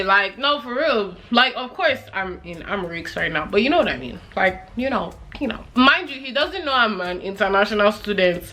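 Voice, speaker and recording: A young woman from Nigeria casually telling stories as a vlogger, animated, laughing often and acting out what people said. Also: medium pitch, normal speed, few pauses, a little hiss or hum. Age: young adult. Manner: animated, laughs often, acts out quoted voices. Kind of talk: casual storytelling chat.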